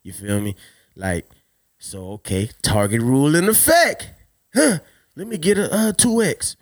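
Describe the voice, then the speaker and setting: Loud man telling stories. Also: on the high side, lively intonation, a little slow, no echo, clean studio sound. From Louisiana. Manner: loud, profane, laughing, slangy. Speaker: podcast host. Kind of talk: casual rambling storytelling.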